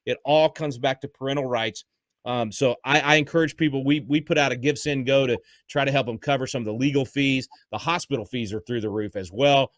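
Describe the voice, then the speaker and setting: A man's voice: mid-range voice, steady tone, fairly quick, no room sound. A man speaks as a guest in a podcast interview, fervent and emotional. He restarts words when he gets upset. The sound is dry and close. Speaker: guest, homeschool advocate.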